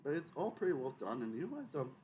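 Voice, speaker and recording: A man's voice: fairly high pitch, sing-song, fast, dark tone, slight background noise. A young man hosting a casual video essay, rambling with many fillers and restarts.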